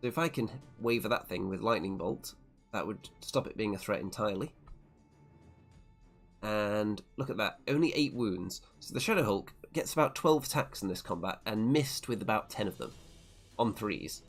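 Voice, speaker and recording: A man's voice: fairly low pitch, lively intonation, moderate pace, soft background music. A man narrating a tabletop wargame tournament report turn by turn, with a wry, self-deprecating play-by-play manner. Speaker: tabletop wargame channel host.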